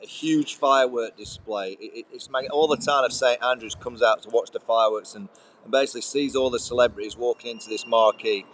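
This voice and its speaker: A man's voice: mid-range voice, slight background noise. Rambling man telling stories. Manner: rambling anecdotal, listing details with fillers. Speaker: co-host, former cricketer. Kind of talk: casual podcast storytelling.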